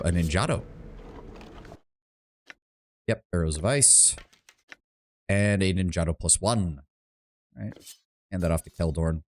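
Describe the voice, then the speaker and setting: Low-voiced wry gaming streamer man. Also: darkish tone, slight background noise. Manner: chatty, wry, swearing, thinks aloud. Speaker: streamer playing a video game. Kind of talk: casual let's-play commentary.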